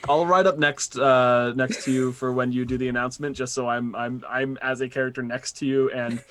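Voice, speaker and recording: A man of middle pitch talks casually as a player at a tabletop game. He stops and restarts his sentences as he works out his plans. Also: steady tone, a bit bright. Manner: halting, restarts often.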